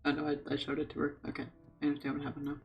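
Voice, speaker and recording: A man's voice: fairly high pitch, monotone, rapid-fire, gravelly, muffled recording, soft background music. Chatty man streaming a game. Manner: chatty, reads game notes aloud, talks to himself. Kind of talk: casual let's-play commentary.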